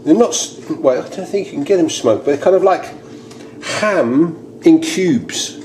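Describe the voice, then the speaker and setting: A man's voice: on the high side, expressive, a little slow, a little mellow. A British man hosting a casual cooking demonstration in a home kitchen, rambling and chatty with many restarts. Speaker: cooking video host. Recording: echoey kitchen, faint noise.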